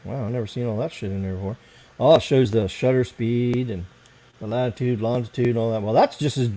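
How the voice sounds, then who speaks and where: A man's voice: mid-range voice, fairly even intonation, a little fast, dark tone, poor audio. An American man hosting a casual late-night livestream, rambling and swearing as he fiddles with his computer. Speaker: livestream host.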